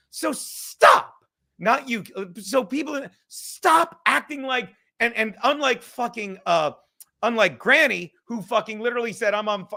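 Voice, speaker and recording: High, bright-voiced man ranting. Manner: swearing constantly, heated and rambling. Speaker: podcast host. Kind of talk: profane livestream rant.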